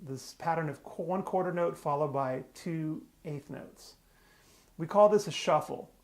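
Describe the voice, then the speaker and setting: Speaking at a measured pace in a slightly high voice, a man walks through a beginner fiddle tune one step at a time with patient, plain explanations. Loud fiddle music, his own playing, fills the background.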